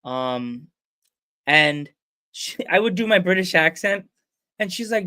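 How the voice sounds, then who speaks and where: A man's voice: sits high, animated, slow, sharp tone, smooth, dry recording, studio quality. An American man hosting a casual podcast over a remote call, chatty and rambling, laughing often. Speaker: podcast host. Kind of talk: casual chat. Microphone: remote call mic.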